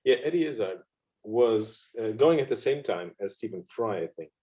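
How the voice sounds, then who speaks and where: A man's voice: lowish voice, lively intonation, normal speed, warm tone. Male podcast host, casual, laughs a lot, playful asides. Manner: laughs often, acts out quotes. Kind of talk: casual conversation.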